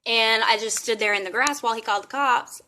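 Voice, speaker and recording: Bright-voiced, foul-mouthed woman vlogger. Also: on the high side, quick pace. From Dallas, Texas. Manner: profane, animated storytelling. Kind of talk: storytime vlog.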